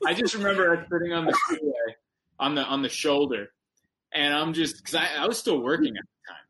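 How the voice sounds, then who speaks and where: A man, a stand-up comedian, telling rambling, animated anecdotes as a guest on a podcast. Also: a little high, fairly quick, poor audio. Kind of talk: casual podcast storytelling.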